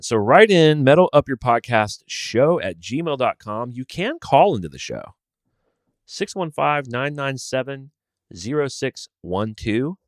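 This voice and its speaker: A man's voice: mid-range voice, dry recording. Laid-back man hosting a podcast, dry close sound. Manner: rambling, swears casually, thinks aloud. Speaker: podcast host. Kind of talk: casual solo podcast talk.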